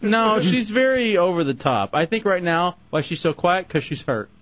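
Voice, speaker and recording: A man's voice: high voice, animated, normal speed, fairly bright tone, dry recording. A man in his late twenties hosting a casual radio show, playful and scolding in turn. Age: 20s. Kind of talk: casual on-air chat. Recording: dull lo-fi radio audio.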